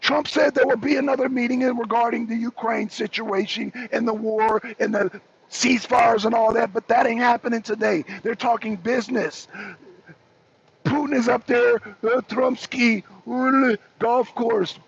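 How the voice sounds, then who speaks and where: An excitable male talk show host with a high voice and a gravelly, raspy grain. He argues heatedly and keeps pressing the same point. The sound is dull and lo-fi. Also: normal speed. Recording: dull lo-fi recording.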